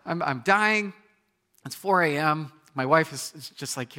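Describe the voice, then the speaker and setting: A man in his thirties preaching a sermon, telling a personal story with animated storytelling and acting out scenes with sudden loud outbursts. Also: fairly high pitch, normal speed. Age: 30s. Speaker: pastor.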